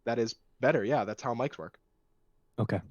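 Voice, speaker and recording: A man's voice: mid-range voice, moderate pace, darkish tone, no room sound. A man hosting a casual esports interview, joking, laughing often and reading questions from chat. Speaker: interview host. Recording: dull lo-fi sound.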